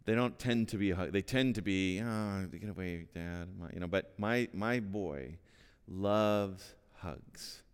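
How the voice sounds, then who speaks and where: Earnest preacher man, low voice, hall echo. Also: slow pace, few pauses, smooth. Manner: earnest, conversational, repeats words when starting phrases. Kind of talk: sermon. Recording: long reverb of a hall.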